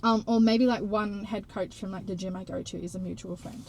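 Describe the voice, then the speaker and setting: A young woman with a mid-range voice speaks fairly quickly in a low-quality recording made in a parked car. As a vlogger chatting casually, she narrates a story with animation, acts out the dialogue and swears now and then.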